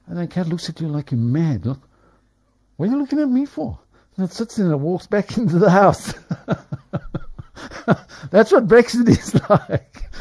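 A man hosting a business radio show, rambling and digressive, with many fillers and animated asides. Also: medium pitch.

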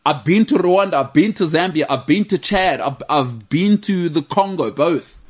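Animated man ranting. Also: a little high, moderate pace, breathy edge. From Africa. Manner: animated, mocking accents in quoted asides. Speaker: host. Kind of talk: casual chat.

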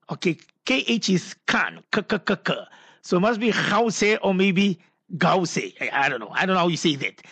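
A man's voice: high voice, a bit bright, dry recording. A man presenting a radio show, chatting casually as he reads out listener messages and muses aloud over how words are pronounced. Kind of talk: casual on-air chat reading listener messages.

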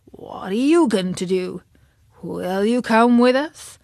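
A sly little fat coachman from a storybook, all bows and smiles, coaxing in a low, soft, falsely sweet voice, as a woman reads him aloud. His words come slowly, and the recording is close and dry. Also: lively intonation, gravelly, no room sound. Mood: wheedling.

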